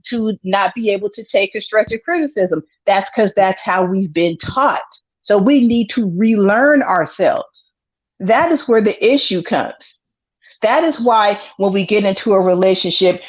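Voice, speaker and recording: A woman host talking earnestly in a casual panel discussion, giving advice and often repeating her phrases. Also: mid-range voice. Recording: dull lo-fi sound.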